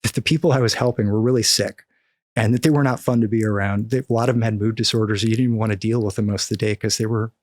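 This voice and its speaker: A man's voice: lowish voice, quick pace, no echo. Middle-aged guy from the midwest telling a wild story on a podcast, acts out the voices, dry close sound. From American Midwest. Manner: animated storyteller, acts out quoted dialogue. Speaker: podcast guest, cannabis activist.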